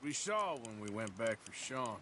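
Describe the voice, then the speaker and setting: A man's voice: mid-range voice, sing-song, normal speed, noisy background, natural voice. An actor playing a sardonic, grumbling male outlaw in a video game.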